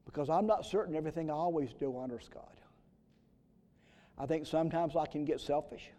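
Pastor, man, fairly high voice with mellow tone, preaching with big swings to whispers, long church reverb. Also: fairly quick. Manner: dramatic swings from loud emphasis to hushed whispers. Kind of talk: sermon. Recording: long reverb of a large hall.

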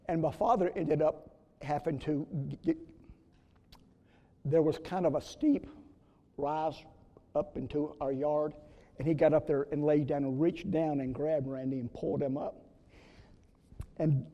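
Gravelly preacher in a reverberant hall. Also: male voice, on the high side. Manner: storytelling, earnest preaching with sudden loud rises. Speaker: pastor. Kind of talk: sermon. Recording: long reverb of a church hall.

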